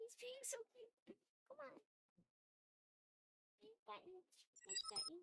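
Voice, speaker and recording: High-voiced woman cooing baby talk. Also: huge pitch swings, takes it slowly, creaky, very noisy.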